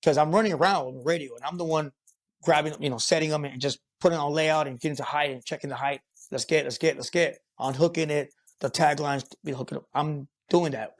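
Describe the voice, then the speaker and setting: A man's voice: a little high, steady tone, quick pace. A man who works as a construction foreman, a podcast guest telling a work story in a rambling, profane way full of fillers. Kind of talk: casual storytelling interview.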